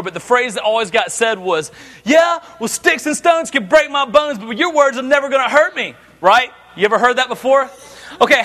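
A middle-aged man preaching a sermon, telling jokes and family stories with an animated delivery. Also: very high-pitched. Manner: animated, joking storyteller. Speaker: pastor.

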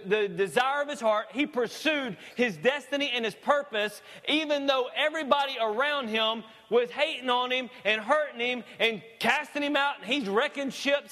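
A pastor with a high, somewhat bright voice preaches a sermon in a church sanctuary in a casual, folksy way, breaking off for quick jokes. The long reverb of the big hall rings around his voice.

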